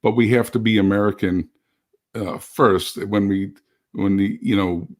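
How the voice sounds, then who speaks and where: A man's voice: lowish voice, steady tone, unhurried. A man on a political chat panel, earnestly explaining his points at length. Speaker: show regular.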